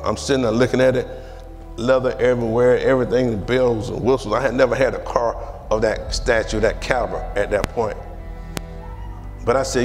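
A man preaching a sermon and telling a personal testimony, animated and repeating his phrases for emphasis, with laughs. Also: medium pitch, brisk, long reverb tail, soft background music.

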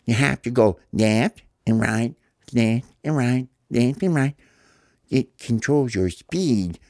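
A man's voice: mid-range voice, slow pace, a little mellow, dry recording, studio quality. A man, a father improvising a story for a child, explaining patiently.

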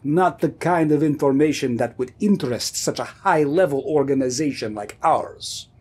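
A man voicing a dismissive male Soviet KGB agent in a deliberately clumsy fake Russian accent, pitched a little higher than his own voice. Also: darkish tone, breathy edge. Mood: scornful.

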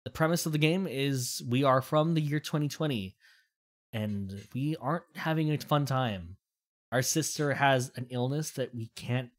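Low, husky young woman streaming a game. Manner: chatty, rambling, reads game text aloud. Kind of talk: casual game commentary.

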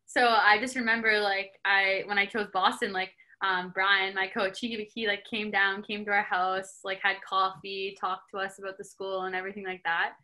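A woman's voice: medium pitch, little pitch movement, moderate pace, hardly any pauses, pushed and bright. A young woman from Canada, a hockey player and podcast guest, chatting casually with many filler words. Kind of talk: casual interview chat.

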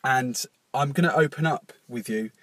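Nervous, halting man hosting a podcast. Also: medium pitch, fairly bright tone, no echo. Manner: halting and nervous, many fillers and restarts; emotional, openly moved. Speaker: podcast host. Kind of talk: confessional podcast monologue.

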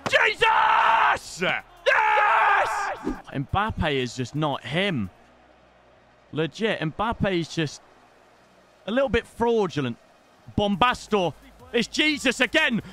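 A young British man commentating live on his own gameplay, excitable and casual, swearing freely and shouting at big moments. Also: sits high, slow, long pauses, background noise. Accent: British English. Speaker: gaming streamer.

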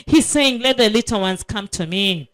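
In a school assembly, a woman preaches a children's sermon for prayer week, pacing herself slowly and stressing her points. She asks the kids questions and repeats key words, her mid-range voice animated and fairly bright.

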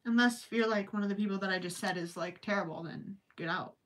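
A woman chatting on a crafting live stream, emphatic and animated, sometimes trailing off to a near-whisper. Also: mid-range voice, fast talker, distant mic. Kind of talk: casual live stream chat.

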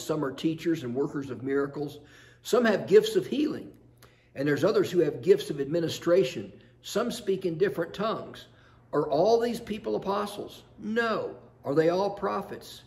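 A man's voice: high-pitched, darkish tone. Earnest male pastor preaching. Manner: earnest, storytelling, rhetorical questions. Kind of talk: sermon. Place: chapel.

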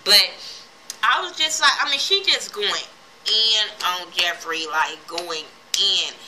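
Sharp-voiced woman ranting about a show. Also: mid-range voice, takes it slowly, slight background noise, low-quality recording. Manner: animated, profane, heated reactions; retells scenes quoting characters. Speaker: TV episode reviewer. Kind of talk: casual recap and commentary.

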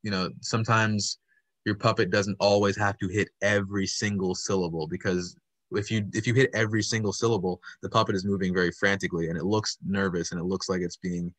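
Guy running a puppet workshop on a video call, lowish voice, dry sound, patient and encouraging. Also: flat delivery, fairly quick, a bit bright, dry recording. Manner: patient, encouraging, explains step by step. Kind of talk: teaching an online workshop.

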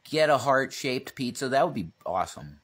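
A man's voice: mid-range voice, big pitch swings, normal speed, a bit bright. A man co-hosting a casual livestream, rambling, swearing freely and reading chat comments aloud. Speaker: livestream co-host.

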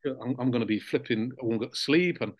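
A man's voice: mid-range voice, fast, no echo. Older man, interview guest, reflective storyteller, easygoing delivery with ums and chuckles. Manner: relaxed, reflective storytelling with frequent fillers and soft laughs. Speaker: interview guest, former footballer. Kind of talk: casual reminiscing interview.

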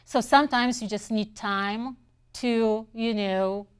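A woman's voice: a little high, steady tone, takes it slowly, clean tone. A middle-aged woman, a non-native English speaker who teaches English, telling personal stories in a conversational way with small restarts. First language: not English. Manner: conversational, with brief restarts and fillers. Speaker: English instructor. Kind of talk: personal storytelling.

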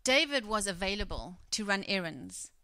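A middle-aged woman preaching a sermon, retelling a story and acting out its quoted speech with lively emphasis. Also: mid-range voice, moderate pace, dry recording.

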